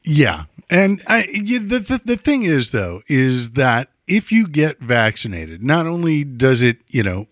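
A man's voice: medium pitch, very animated, a little slow, hardly any pauses, fairly bright tone, dry recording. A man hosting a casual talk show, reading out figures and riffing wryly. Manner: wry, conversational, reads figures then riffs. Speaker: host.

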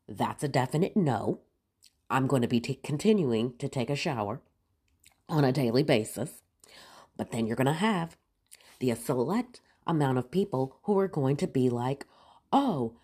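A woman's voice: rumbling low, darkish tone. A woman hosts a casual rant show, stuffed up from allergies, blunt and sassy with the odd laugh. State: stuffed up from allergies, voice lower than usual. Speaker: podcast host. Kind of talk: casual ranting monologue.

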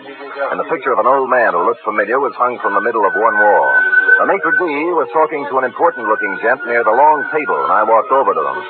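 A man's voice: on the low side, lightly acted. Sam Spade, a man as a wisecracking private eye. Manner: dry, wisecracking. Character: wisecracking hard-boiled male private eye. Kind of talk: 1950s radio drama narration and acting. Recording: tinny old radio broadcast with loud music.

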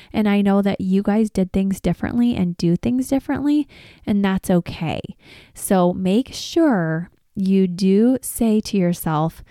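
An earnest woman in her thirties talks through advice in a chatty, podcast-host way. Her voice is mellow and warm. The recording is dry and close. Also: medium pitch, dry recording. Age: 30s. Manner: earnest, chatty, laughs while telling stories. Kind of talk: casual advice talk.

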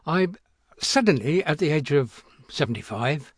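A man in his seventies, an actor being interviewed, telling an anecdote in a lively, rambling way. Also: medium pitch, moderate pace, dry recording, clean studio sound.

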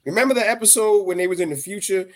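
A man's voice: sits high, very fast. A man co-hosting a casual wrestling podcast, crude and profane, joking and laughing easily. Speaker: podcast co-host.

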